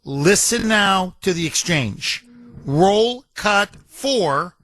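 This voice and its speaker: A man's voice: sits high, animated, very slow, a bit bright, no room sound. A man hosting a talk radio show, delivering a combative, emphatic and mocking monologue from a studio microphone.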